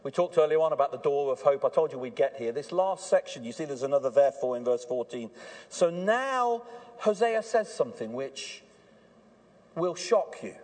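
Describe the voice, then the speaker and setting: A man preaching a sermon at an evening church service, earnest and swinging between hushed warnings and fervent emphasis. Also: a little high, lively intonation, moderate pace.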